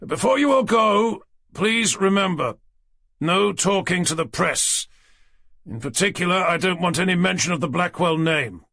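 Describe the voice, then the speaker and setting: A man's voice: high voice, lively intonation, unhurried, creaky, sharp tone, no room sound, pitched above the performer's own voice, full character voice. A man voicing a weary, sardonic detective inspector in an audiobook, dry and commanding. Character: gruff weary middle-aged male detective inspector. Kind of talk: audiobook character reading.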